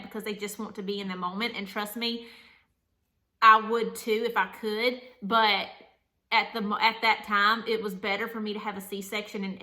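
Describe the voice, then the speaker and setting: A woman's voice: medium pitch, pushed and bright. A young woman vlogger telling her own story in an earnest, rambling way, with lots of "like" fillers. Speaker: vlogger, new mother. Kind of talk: candid personal storytelling.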